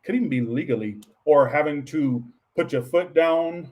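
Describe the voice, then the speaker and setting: A man's voice: fairly high pitch, moderate pace, muffled recording. Rambling, profane man doing a tarot reading. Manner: rambling, offhand and profane, talking to viewers and chat. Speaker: tarot reader. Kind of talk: casual tarot reading to viewers.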